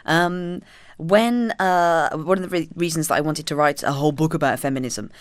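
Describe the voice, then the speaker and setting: A woman's voice: sits low, normal speed, clear, resonant tone, dry recording, clean studio sound. A woman, an author, talking in an exuberant, comic, emphatic way as a guest on a radio interview. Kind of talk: animated interview and book reading.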